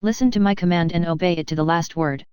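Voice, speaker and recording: A woman's voice: lowish voice, quick pace, a little mellow, clear, resonant tone, no echo, lo-fi sound, lightly acted. A woman reading character lines as a theatrical young woman who poses as a fire demon, speaking in a grandiose, archaic, self-important way. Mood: commanding. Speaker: audiobook reader.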